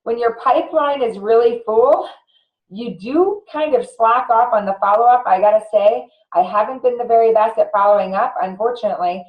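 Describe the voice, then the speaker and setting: A woman's voice: fairly high pitch, normal speed. Earnest woman on a dull, echoey line. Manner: earnest, explains tips step by step. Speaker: guest. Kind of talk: casual live video chat.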